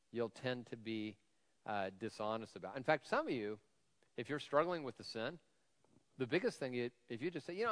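A man preaches a casual, joking sermon in a reverberant church hall. His voice is a bit whiny yet smooth and resonant, and he keeps the talk loose with fillers and jokes at his own expense. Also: mid-range voice, a bit bright. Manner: self-deprecating humor, frequent fillers. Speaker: lead pastor. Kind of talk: conversational sermon. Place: church sanctuary.

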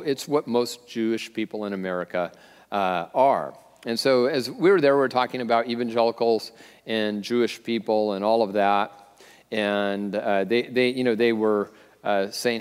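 A man, the lead pastor, preaching a conversational sermon, often pausing on fillers and restarting phrases. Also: mid-range voice, clean tone, in a large hall.

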